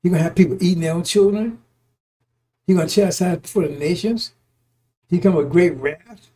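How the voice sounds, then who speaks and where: This man has a high voice with a dark tone and speaks at normal speed. He preaches informally and emphatically on scripture as a religious teacher, repeating himself, chuckling often, and swearing freely.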